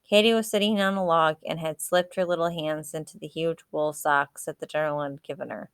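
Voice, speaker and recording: A woman narrates a children's chapter book in a clear, even reading voice. Her pitch sits a little low, and the close mic gives a dry sound. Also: brisk, dry recording. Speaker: audiobook narrator. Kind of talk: scripted storybook narration.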